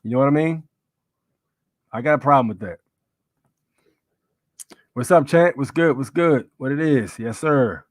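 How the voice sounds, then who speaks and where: Brief: male streamer, mid pitch, rambling slangy chat to viewers, dry close sound. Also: measured pace, long pauses, no room sound. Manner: slangy, rambling, many fillers and "you know what I'm saying". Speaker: livestream host. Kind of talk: casual live-stream commentary.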